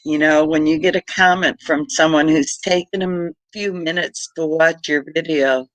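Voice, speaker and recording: A woman's voice: sits low, steady tone, moderate pace, no room sound, low-quality recording. A woman, chatting casually and heartfeltly on a livestream as a homesteading channel host, greeting viewers by name. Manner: chatty, heartfelt, reads viewer comments aloud.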